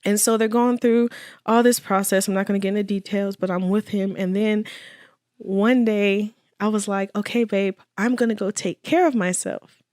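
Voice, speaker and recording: A woman's voice: medium pitch, steady tone, normal speed, darkish tone, no room sound, studio quality. A woman guest in an interview telling a personal story with earnest faith and quoted dialogue. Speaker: guest, widow.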